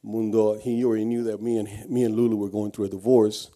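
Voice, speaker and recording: A man's voice: fairly low pitch, little pitch movement, a little fast, warm tone. A man giving an earnest personal testimony, telling his story with frequent restarts. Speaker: guest speaker.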